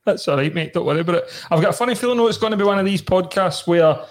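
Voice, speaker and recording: Laughing podcast host. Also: male voice, sits high, rapid-fire. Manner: banter, swearing, lots of laughing. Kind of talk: casual chat.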